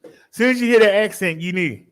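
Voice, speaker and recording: A man telling a story to his followers in a casual, joking way, laughing often and switching into high mimicking voices. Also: fast talker, a bit bright, clear, resonant tone. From Baltimore, US. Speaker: fitness vlogger telling a story.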